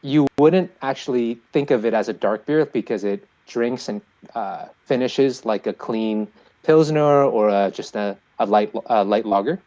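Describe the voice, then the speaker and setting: Male podcast guest, brewer, loose animated storyteller, mid-pitched, lots of "like" and "um". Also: unhurried, rough recording. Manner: animated storyteller with many fillers. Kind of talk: casual podcast chat.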